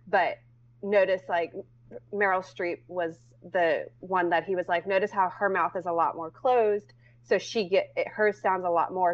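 A woman co-hosting a casual chat, rambling with many fillers. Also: fairly low pitch. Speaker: podcast co-host. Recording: muffled lo-fi audio.

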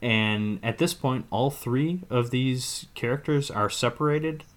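A man's voice: mid-range voice, unhurried. A man co-hosting a podcast, casually recapping a film's plot in a rambling way, hedging often. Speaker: podcast co-host. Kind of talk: casual movie recap chat.

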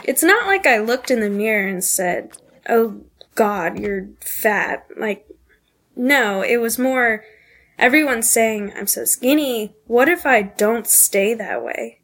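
A woman in her twenties from the southeastern United States, a podcast guest sharing a candid personal story, earnest and halting, with many pauses and fillers. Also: fairly high pitch, expressive, a bit bright.

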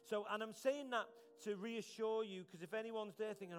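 A man's voice: high voice, normal speed, faint music behind. A man preaching a conversational, earnest sermon as pastor, often repeating words.

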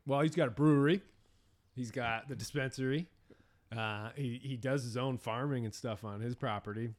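A middle-aged man from New England talks through a casual podcast conversation. He rambles, doubling back over his words with fillers and restarts, in a medium-pitched voice. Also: moderate pace. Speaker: podcast host. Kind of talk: casual chat.

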